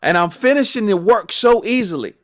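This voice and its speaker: Casting note: gospel musician, male, higher register, lively and emphatic when recounting stories. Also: brisk. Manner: animated, emphatic storyteller. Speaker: gospel musician and podcast guest. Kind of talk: personal storytelling in conversation.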